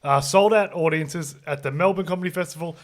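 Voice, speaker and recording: Male podcast host, slightly raised pitch; upbeat intros and questions. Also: fairly quick. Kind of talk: casual podcast interview.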